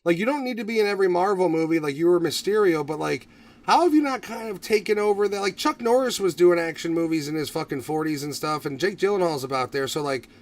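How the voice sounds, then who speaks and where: A man hosting a casual movie review podcast, talking in a profane, animated way and acting out quotes. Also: high-pitched, fast talker, distant mic. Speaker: podcast host.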